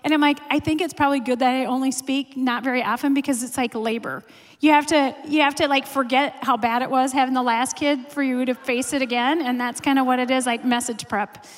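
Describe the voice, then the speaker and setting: Woman, 40s, sermon speaker; high-pitched, chatty, self-mocking; long church-hall reverb. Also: steady tone, brisk. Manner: chatty, self-deprecating storytelling with many fillers. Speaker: pastor's wife preaching.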